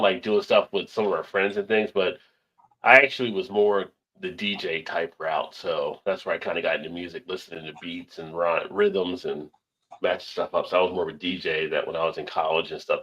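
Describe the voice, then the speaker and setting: A man's voice: deep voice, fairly bright tone, lo-fi sound. A man hosting a casual chat show, reading viewer comments aloud, rambling and laughing often. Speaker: show host.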